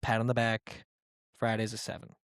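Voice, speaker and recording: A man's voice: lowish voice, completely flat delivery, normal speed, a bit bright, no echo, studio quality. A man hosting a podcast in a casual monologue, rambling and joking, with plenty of swearing and filler words. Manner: irreverent and joking. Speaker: podcast host.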